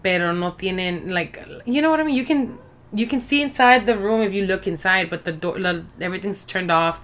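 A woman's voice: mid-range voice, fairly quick, a bit bright. A woman co-hosting a podcast from Mexico, telling stories in casual chat and switching between English and Spanish with lots of swearing. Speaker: podcast co-host.

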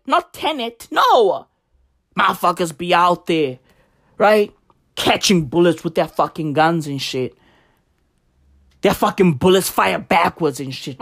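Slow, sarcastic woman ranting. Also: on the high side. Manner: sarcastic, profane, keeps asking "right?". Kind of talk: satirical comedic rant.

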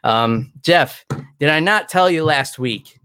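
A man's voice: fairly high pitch, lively intonation, slow pace, sharp tone, clear, resonant tone, dry recording. A tired man chatting loosely as a podcast co-host, rambling with many restarts. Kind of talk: casual chat.

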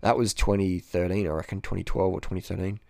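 Homem australiano, voz grave e seca. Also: male voice, sits low, flat delivery, fast, gravelly, darkish tone, no echo, clean studio sound. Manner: rambling storyteller, many repeats and "you know". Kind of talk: casual conversation.

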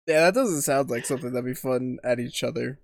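A man's voice: mid-range voice, a little fast, vocal fry, dry recording, clean studio sound. A man in casual chat who laughs along and asks follow-up questions.

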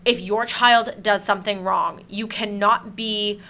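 A woman's voice: medium pitch, steady tone, unhurried, pushed and bright. A woman interviewing in casual conversation, speaking emphatically and with indignation.

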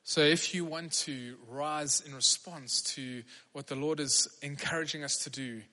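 A man's voice: on the high side, fairly even intonation, a little slow, sharp tone. A man preaching as a pastor, earnest and encouraging, leading a congregation in prayer. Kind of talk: sermon. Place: large church hall. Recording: long hall reverb.

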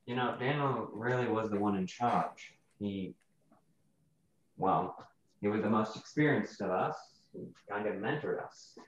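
A man putting on a soft-spoken British soldier. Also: lowish voice, measured pace, a little hiss or hum, natural voice. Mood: earnest. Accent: put-on British. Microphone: video call. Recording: distant, roomy, muffled call mic.

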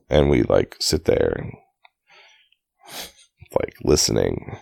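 A man's voice: rumbling low, animated, takes it slowly, gravelly, pauses often, darkish tone, no room sound. A man reading a novel aloud in a dry, casual way, fixing slips and breaking off for chatty asides. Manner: dry, self-correcting, stops to comment on his own reading. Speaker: reader of a novel.

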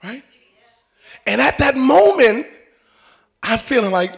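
A man preaching a sermon in an animated way, telling stories with playful asides and building up to shouting. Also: very high voice, normal speed, creaky, long pauses, breathy edge.

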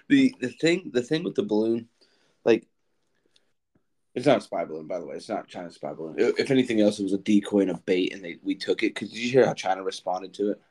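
A man's voice: fairly low pitch, animated, a little fast, pauses often, darkish tone, slightly rough. A young man co-hosting a podcast, chatting casually and rambling with lots of laughs and fillers. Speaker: podcast co-host. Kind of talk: casual chat.

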